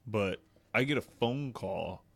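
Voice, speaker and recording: A man's voice: fairly low pitch, lively intonation, takes it slowly, vocal fry, no echo. A young man co-hosting a podcast, telling a rambling anecdote in casual chat. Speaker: podcast co-host.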